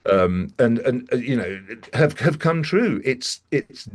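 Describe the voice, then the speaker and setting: A man's voice: medium pitch, lively intonation, slow pace. A male actor talking casually as an interview guest from a room at his home, rambling with many restarts.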